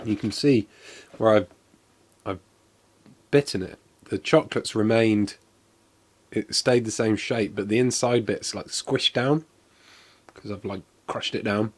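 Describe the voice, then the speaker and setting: A man's voice: fairly low pitch, measured pace, long pauses. A man chatting on a live stream as he tastes and reviews sweets, rambling and poking fun at himself. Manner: chatty and self-deprecating, rambling with fillers. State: coughing, something went down the wrong way.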